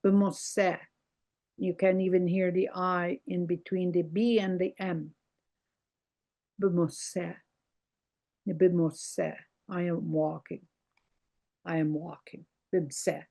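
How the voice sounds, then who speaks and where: Slow, patient older woman teaching words. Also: fairly low pitch, level tone, vocal fry, mellow. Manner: slow, repeats words carefully, explaining pronunciation. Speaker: language teacher. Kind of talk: online language lesson.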